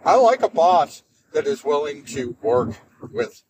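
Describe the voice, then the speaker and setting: A man's voice: fairly high pitch, wildly swooping pitch, unhurried. A man hosting a podcast, telling a story in a casual, rambling monologue, repeating himself and speaking bluntly. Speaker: podcast host. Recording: distant mic with clear background noise.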